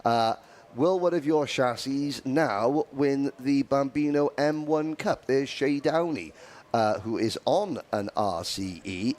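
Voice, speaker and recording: A man's voice: medium pitch, slow, a little mellow. A man giving live karting commentary, chatty and rambling with asides.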